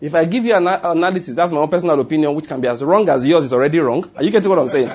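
A man's voice: a little high, racing, hardly any pauses, darkish tone, husky. A man preaching a sermon as pastor, talking in a conversational way, repeating his key phrases and asking the congregation questions.

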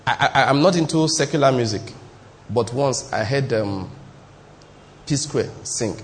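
Animated male preacher. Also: medium pitch, unhurried, slight background noise. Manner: animated, repetitive, laughing storyteller. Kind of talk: sermon with storytelling.

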